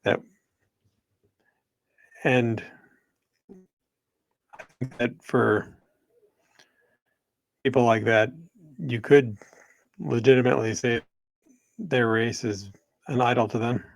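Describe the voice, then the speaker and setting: A man co-hosting a casual religious discussion podcast over a video call, explaining his point in a measured way. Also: medium pitch, fairly even intonation, creaky, no echo. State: spotty connection. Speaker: podcast co-host.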